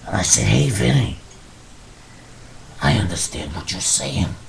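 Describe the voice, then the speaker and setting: A man's voice: on the low side, big pitch swings, measured pace, vocal fry, noisy background, exaggerated voice. A man putting on a hot-tempered middle-aged mobster cook, swaggering, swearing and rambling in an improvised comic monologue, recorded on a webcam at home. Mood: blustering. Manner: tough-guy swagger, heavy swearing, rambling.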